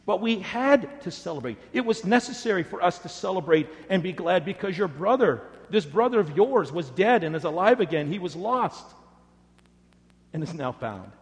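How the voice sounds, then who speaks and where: A man preaching a sermon, swinging dramatically between loud emphasis and hushed words. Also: high-pitched, big pitch swings, normal speed. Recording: echoey hall reverb.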